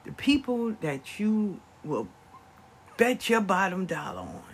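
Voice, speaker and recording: An older grandparent telling a family story to viewers in an animated, conversational vlog monologue. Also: mid-range voice, slow pace, a little hiss or hum. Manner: animated, acts out family members' voices. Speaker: vlogger.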